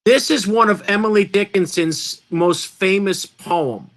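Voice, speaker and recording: A man's voice: high-pitched, unhurried, a bit bright. A man teaching a poetry lesson to an online class, emphatic and asking his students questions.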